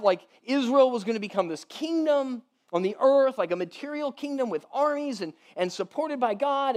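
A man giving a casual, conversational sermon as pastor. He repeats words as he goes, laughs lightly between points and keeps asking his listeners "right?". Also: sits high.

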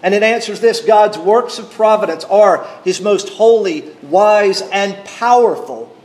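Slow, high-voiced male preacher. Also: darkish tone. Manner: measured, emphatic preaching with a deliberate reading of scripture. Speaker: pastor. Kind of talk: sermon.

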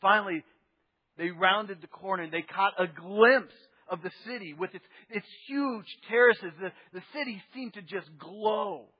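A man pastor tells a story in an animated sermon, swinging between loud bursts and near-murmurs. His voice is high for a man and husky. The recording is dull and lo-fi, with a long reverb from the sanctuary. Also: unhurried.

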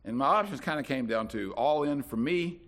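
A pastor from North Carolina, preaching a sermon with dramatic swings from soft to loud. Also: male voice, medium pitch, lively intonation, moderate pace.

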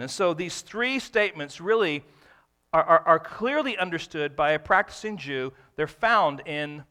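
A man's voice: on the high side, a bit bright. A man preaching a sermon, explaining scripture verse by verse and stretching out key phrases for emphasis. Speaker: pastor.

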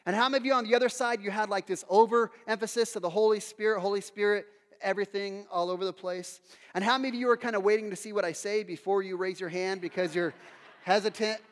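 A man preaching a sermon as pastor, telling stories with lively acted quotes and casual asides to the congregation. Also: sits high, fast talker. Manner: animated storytelling with acted quotes. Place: church hall. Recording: long hall reverb.

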